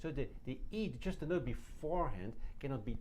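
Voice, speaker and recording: A man's voice: mid-range voice, lively intonation, a little fast, darkish tone, slight background noise. A man teaching a carillon masterclass, patiently coaching a student and singing out rhythms in syllables. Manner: patient, sings out melodies in syllables. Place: carillon tower with bells ringing.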